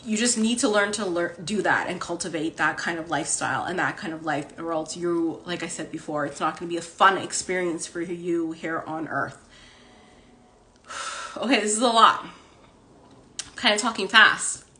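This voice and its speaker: Talking into her phone, a female host runs a chatty spiritual livestream peppered with "like" and "okay?". She speaks at normal speed in a fairly low voice that sounds pushed and bright, with a little hiss or hum in the audio.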